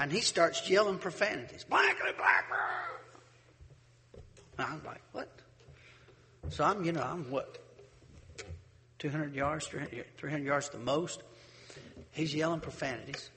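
Male preacher, folksy storyteller, slightly high, reverberant church hall. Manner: folksy, animated storyteller who acts out voices. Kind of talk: sermon with a storytelling anecdote.

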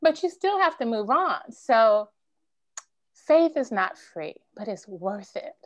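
A woman's voice: fairly high pitch, big pitch swings, takes it slowly, dry recording, lo-fi sound. A middle-aged woman speaking earnestly and emotionally as a podcast guest. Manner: earnest, emotional, faith-driven storytelling. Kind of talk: candid interview conversation.

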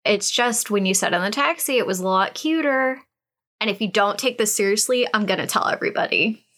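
A woman's voice: mid-range voice, expressive, brisk, fairly bright tone, natural voice. A woman putting on the voice of a pushy young woman who coaxes and teases. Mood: teasing. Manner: coaxing and smug.

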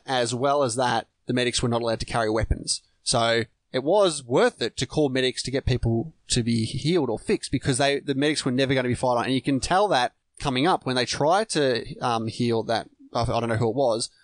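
A man's voice: medium pitch, no echo. A man co-hosting a casual film podcast, talking in a chatty way, sharing trivia and using many filler words. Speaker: podcast co-host.

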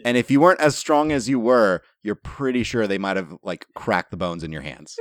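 A man narrating as game master of a tabletop role-playing game, describing scenes at an unhurried pace. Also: fairly low pitch, dry recording, clean studio sound.

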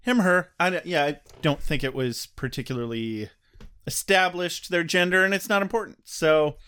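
A man's voice: fairly high pitch, lively intonation, moderate pace, bright, forceful tone, smooth. A man co-hosting a comedy podcast, bantering casually in a sarcastic tone. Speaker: podcast co-host.

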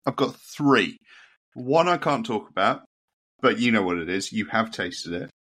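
Male winemaker co-host, relaxed and rambling, bright voice. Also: lowish voice, a little slow, slightly rough. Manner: easygoing, rambling, many ums. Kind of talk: casual banter.

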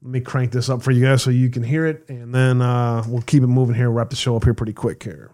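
A man's voice: medium pitch, level tone, quick pace, mellow. Sarcastic man hosting a talk show. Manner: sarcastic, laughs often, swears. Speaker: show host. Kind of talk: casual commentary reading news.

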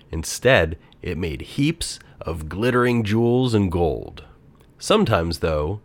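A man narrating a children's storybook aloud in a gentle, expressive way. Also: sits low.

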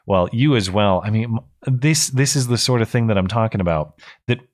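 A man's voice: fairly low pitch, animated, fairly quick. A man in his thirties hosting a live call-in stream, giving blunt, opinionated commentary with frequent restarts. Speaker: call-in show host.

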